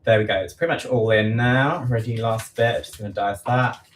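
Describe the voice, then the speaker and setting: A chatty man with an East London accent talks through a live home baking stream, repeating measurements and poking fun at himself. His voice sits at an ordinary middle pitch. Faint noise and kitchen clicks run underneath. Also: normal speed. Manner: chatty, self-deprecating, repeats quantities aloud. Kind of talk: casual live baking chat.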